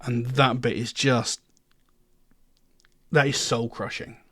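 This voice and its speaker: Speaking slowly in a level, slightly bright medium-pitched voice, a middle-aged man reacts to music. His casual commentary wanders, with frequent "you know" fillers.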